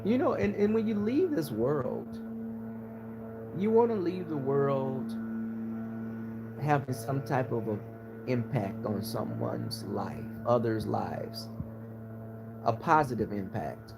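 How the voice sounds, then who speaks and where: A man's voice: mid-range voice, lively intonation, slow pace, gravelly, long pauses, over music. A man on his channel chatting casually with viewers, gossipy and frank with his opinions. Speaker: YouTuber answering viewers. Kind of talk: casual live-stream chat.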